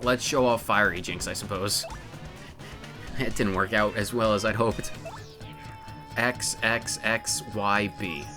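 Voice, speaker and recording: A man's voice: fairly low pitch, steady tone, over music. A man giving casual, playful commentary over a video game playthrough. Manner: playful, chatty, quick asides. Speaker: let's-play commentator.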